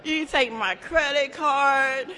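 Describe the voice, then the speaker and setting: A woman giving a raw, emotional personal share at a support meeting, talking in halting bursts with many restarts and plenty of swearing. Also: high-pitched, sharp tone, a faint crowd. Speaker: member sharing at a support meeting. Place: meeting room. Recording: echoey hall.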